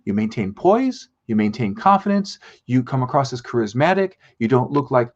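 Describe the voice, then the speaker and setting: Animated male speaking coach. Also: medium pitch, normal speed, lo-fi sound. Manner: animated, acts out quoted lines. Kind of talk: live show coaching talk.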